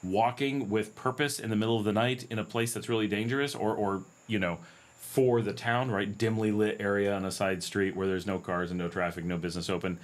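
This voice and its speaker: Casting: middle-aged American man, low-pitched, relaxed storytelling host who laughs easily. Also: fairly quick. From United States. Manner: chatty, anecdotal, laughs often, acts out quoted voices. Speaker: livestream host. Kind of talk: casual livestream Q&A.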